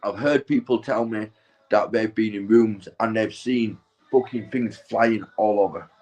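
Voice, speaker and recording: A man's voice: fairly low pitch, measured pace, darkish tone, poor audio. Stoned guy rambling. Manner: sweary, keeps tagging "right?" and "mate". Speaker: vlogger. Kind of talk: rambling casual storytelling.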